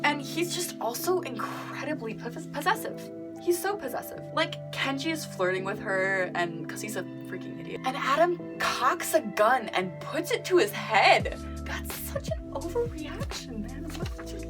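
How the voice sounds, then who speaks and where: A young woman talks through a book review in a casual, chatty way. She is sarcastic and animated, and she slips into a mocking whisper when she quotes the text. Music plays clearly behind her voice. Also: on the high side, moderate pace.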